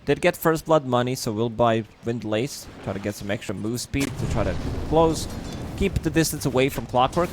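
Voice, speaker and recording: A man giving measured, analytical color commentary on an esports match. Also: medium pitch, lively intonation, noisy background. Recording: music playing underneath.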